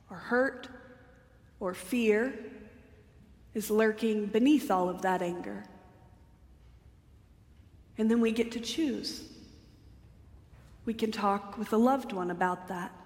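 A woman preaching a sermon in a church, speaking deliberately and asking a run of rhetorical questions. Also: on the high side. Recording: long hall reverb.

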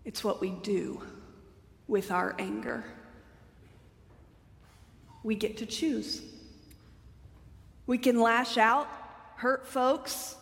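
Woman giving a sermon real slow, lots of rhetorical questions, big echoey church. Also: fairly high pitch, gravelly, a bit bright. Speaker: preacher. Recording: long hall reverb.

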